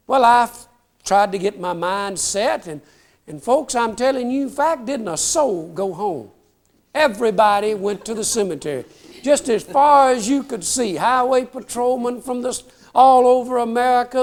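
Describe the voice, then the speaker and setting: Brief: high-pitched folksy trooper-storyteller, animated, talks to the crowd. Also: male voice, normal speed. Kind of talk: comic storytelling before a live audience.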